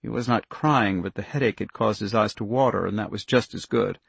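A man narrating a novel in a gravelly, slightly husky mid-range voice. His reading is measured and even, and he drops low and soft for a character's thoughts. The sound is dry and close. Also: no echo. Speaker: audiobook narrator. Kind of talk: scripted narration.

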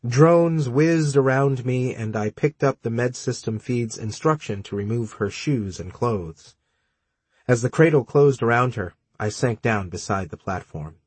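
A man narrating a story in the first person, measured and dry, with terse dialogue. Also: medium pitch, darkish tone, husky, no echo. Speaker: audiobook narrator.

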